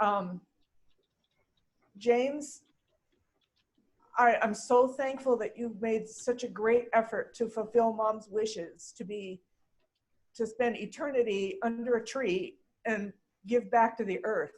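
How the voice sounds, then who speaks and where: A woman speaks of her mother at an online funeral, emotional and close to tears. Her voice is soft and hesitant, with trailing pauses. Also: on the high side, rough recording. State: emotional, holding back tears. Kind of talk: unprepared personal eulogy over video call. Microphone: video call.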